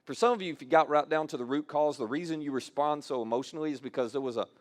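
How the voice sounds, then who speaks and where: A man's voice: fairly high pitch, racing. A male pastor giving a conversational sermon. He repeats phrases for emphasis and acts out quoted lines as he talks.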